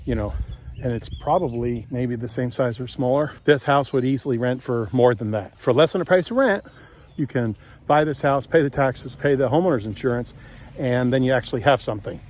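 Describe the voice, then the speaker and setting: A man's voice: mid-range voice, a little fast, darkish tone. A middle-aged man from Kentucky, chatty and joking, walking through a house and yard on a casual tour and a little winded. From Kentucky, USA. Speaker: real estate investor vlogger. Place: outdoors and inside a house on a property tour.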